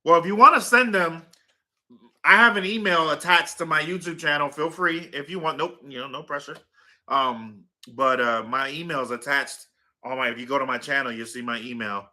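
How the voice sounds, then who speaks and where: A man's voice: a little high, normal speed, pushed and bright. A man hosting a casual livestream, rambling with lots of fillers and turning aside to talk to his dog and his viewers. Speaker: livestream host.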